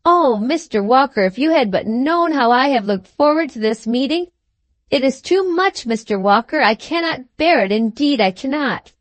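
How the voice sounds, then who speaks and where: A woman's voice: fairly high pitch, expressive, moderate pace, no echo, natural voice. A woman voicing a sly male servant who fawns and whines with false feeling. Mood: fawning. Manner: whining, sly, over-effusive.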